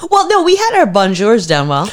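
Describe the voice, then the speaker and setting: A woman's voice: mid-range voice, wildly swooping pitch, moderate pace. An American woman co-hosting a casual chat, trading dry, teasing remarks. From United States. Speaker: podcast co-host.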